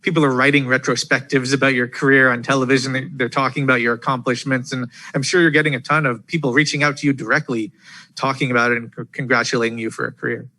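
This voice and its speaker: Male reporter, bright clear tone, measured press question. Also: mid-range voice, little pitch movement, poor audio. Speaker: sports reporter.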